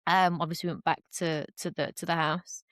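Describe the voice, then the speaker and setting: Chatty young woman, low voice. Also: flat delivery, moderate pace, no room sound, studio quality. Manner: chatty, many fillers, acts out quoted voices. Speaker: podcast guest. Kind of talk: casual conversation.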